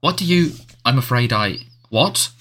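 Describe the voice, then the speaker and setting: A man's voice: mid-range voice, lively intonation, measured pace, bright, forceful tone. A man voicing a harassed middle-aged male head of government who splutters indignantly. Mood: indignant, flustered.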